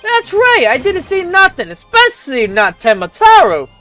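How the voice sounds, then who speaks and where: A streamer voicing a nervous, timid male sidekick in a game, talking in a squeaky, stammering voice. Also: wildly swooping pitch, moderate pace, sharp tone, faint music behind, heavily acted.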